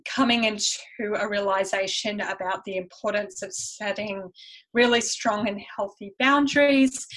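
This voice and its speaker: Slow-talking Australian woman, bright tone. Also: medium pitch, low-quality recording. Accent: Australian with a slight European tinge. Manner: earnest, frequent "um" fillers, laughs easily. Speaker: podcast guest, intuitive mentor. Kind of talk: conversational podcast interview.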